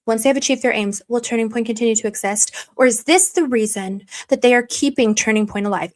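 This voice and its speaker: A woman's voice: fairly high pitch, quick pace, hardly any pauses, darkish tone. A woman giving heated casual livestream commentary, repeating rhetorical questions and reading viewers' chat aloud. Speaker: political commentary streamer.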